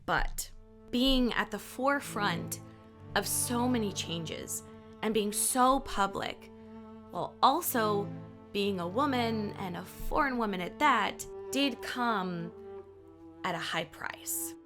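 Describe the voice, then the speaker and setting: A woman's voice: medium pitch, lively intonation, slow pace, over music. A woman with a Southern US accent hosting a history podcast, narrating with sarcastic, playful jokes and asides.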